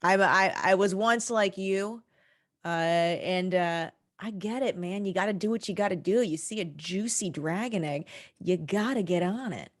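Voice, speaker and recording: A woman's voice: medium pitch, normal speed. A woman playing a tabletop game, speaking in character in an earnest, playful way. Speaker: player. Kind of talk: in-character play.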